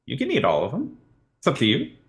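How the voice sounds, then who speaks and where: A man playing a tabletop game, describing his character's moves in a relaxed way. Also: medium pitch, fast talker. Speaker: player. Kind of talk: casual tabletop play.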